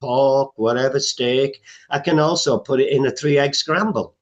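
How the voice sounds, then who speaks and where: Man, podcast guest coach, emphatic list-maker with filler words, middle pitch, lo-fi sound. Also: unhurried. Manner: emphatic, lists items, frequent filler "uh". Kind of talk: podcast interview conversation.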